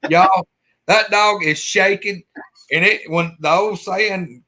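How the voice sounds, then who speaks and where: A man co-hosting a live stream, telling folksy stories in an animated way. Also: high-pitched, normal speed. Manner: animated yarn-spinner, folksy. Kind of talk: casual storytelling chat.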